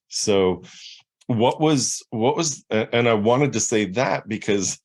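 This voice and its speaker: A man's voice: on the low side, lively intonation, slow, a little mellow. A man hosting a podcast interview, asking long reflective questions full of fillers. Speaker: podcast host. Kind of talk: conversational interview.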